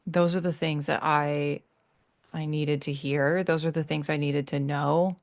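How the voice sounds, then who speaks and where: A woman with a low-pitched voice hosts her own solo podcast. She speaks earnestly and reassuringly, often halting and starting her sentences over. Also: fairly even intonation. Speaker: podcast host. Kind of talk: heartfelt solo podcast talk.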